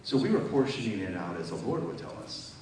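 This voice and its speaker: A man's voice: lowish voice, big pitch swings, brisk, a little mellow, a little hiss or hum. A man preaching a testimony sermon at a church service, emphatic and conversational, often asking the audience questions. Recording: very echoey hall, mic far off.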